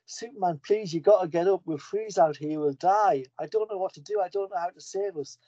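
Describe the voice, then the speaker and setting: A frightened little boy begging for help, as a man reads his lines with a lifted pitch. The tone is mellow and slightly dull, like lo-fi podcast audio with a dry sound. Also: brisk, no echo. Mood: pleading. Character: scared young boy pleading for help.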